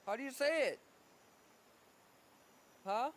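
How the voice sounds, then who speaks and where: A man's voice: sits high, moderate pace, long pauses, slight background noise. A man streaming casually while practicing a language app, sounding out words again and again and getting easily frustrated with himself. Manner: sounds out foreign words over and over, talking to himself; easily frustrated, self-deprecating.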